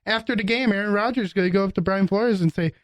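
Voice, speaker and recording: A man co-hosting a radio sports show, talking casually and quickly with halting restarts. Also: sits high, no room sound. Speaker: radio co-host. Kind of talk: casual chat. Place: radio studio.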